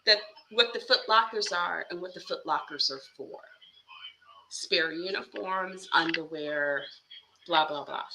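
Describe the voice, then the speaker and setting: A woman telling a story in casual podcast chat, animated and sarcastic with mock-polite asides. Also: on the low side, measured pace, slight background noise, rough recording. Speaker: podcast co-host.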